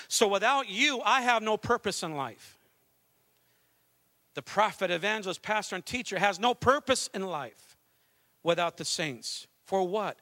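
A middle-aged pastor preaching a fervent sermon, mixing calls to worship with a conversational family story. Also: male voice, high-pitched, bright, forceful tone. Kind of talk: Pentecostal sermon.

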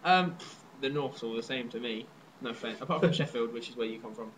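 A young man from southern England co-hosting a casual chat show, excitable and jokey with sudden loud laughing shouts. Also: mid-range voice, a little fast, a little hiss or hum, poor audio. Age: young adult. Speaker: podcast co-host.

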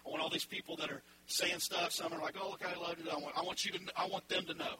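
A male pastor preaching an animated sermon, acting out the people in the story. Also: a little high, fast talker, heavy background noise. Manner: animated, acts out voices in the story.

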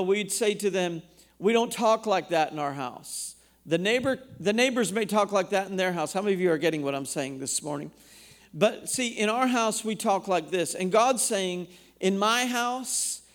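High-voiced man preaching a sermon. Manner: preaching, reads scripture aloud and asks the congregation questions. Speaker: pastor. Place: church.

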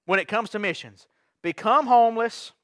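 A man's voice: very high voice, moderate pace, fairly bright tone, no room sound, studio quality. A young man preaching a sermon as pastor, fervent and given to repeated rallying cries. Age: young adult. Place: church sanctuary.

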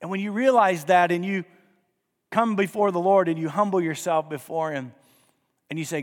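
Male pastor with a high voice, preaching emphatically in a reverberant church sanctuary. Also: moderate pace. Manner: emphatic preaching, rhetorical questions to the congregation. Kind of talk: sermon.

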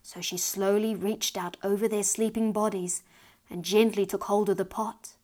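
A woman narrating a storybook tale aloud in a lively, expressive reading voice. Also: medium pitch, moderate pace.

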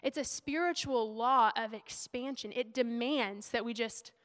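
A woman's voice: fairly high pitch, unhurried. A young woman giving a sermon in a chatty, emotional way. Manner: emotional, chatty, laughing preacher. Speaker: preacher. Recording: long hall reverb.

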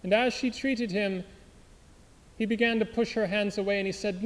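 A man's voice: high-pitched, steady tone, normal speed. A man preaching through a story in an earnest, dramatic way. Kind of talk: sermon storytelling. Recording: long hall reverb.

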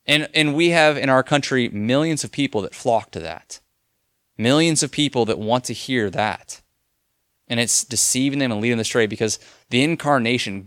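A young man preaching in an earnest, conversational manner, circling back and restarting his phrases as he works through a point. His voice sits at an ordinary middle pitch. The sound is dry and close, with no room around it. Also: a bit bright, no room sound. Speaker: pastor. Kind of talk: sermon.

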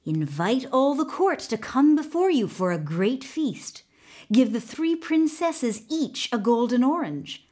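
A woman voicing an ambitious male court minister in a storybook, speaking smoothly and persuasively. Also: high voice, very animated, measured pace, dark tone, full character voice. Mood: scheming.

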